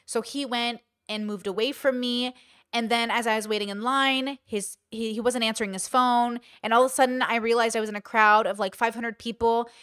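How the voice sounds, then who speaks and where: A woman's voice: a little high, steady tone, brisk, a bit bright, smooth, no echo, clean studio sound. A woman hosting a commentary channel, telling a personal story candidly in casual talk and acting out quoted lines.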